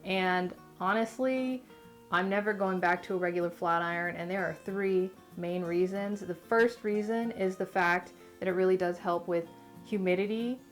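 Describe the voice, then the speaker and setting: A woman's voice: on the low side, steady tone, moderate pace, soft background music. Muffled Californian woman chatting to camera. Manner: chatty and rambling, full of "like". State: slightly muffled speech after dental surgery. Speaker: beauty vlogger. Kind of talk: casual chat to camera.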